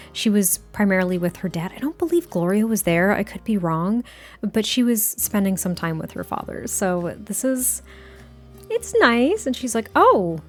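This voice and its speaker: A chatty woman narrating her life-sim gameplay as a YouTuber, giddy and quick to laugh. Her voice sits in a middle range, with soft music playing faintly beneath. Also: mid-range voice. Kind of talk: casual gameplay commentary.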